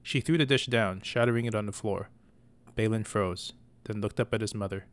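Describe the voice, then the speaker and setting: Low-voiced man narrating a story. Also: moderate pace, no echo.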